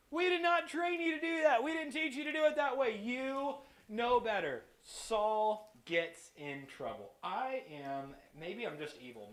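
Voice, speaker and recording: A man giving a lively children's church sermon, telling stories and acting out voices. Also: high-pitched. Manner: animated storyteller, acts out voices. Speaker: kids church preacher.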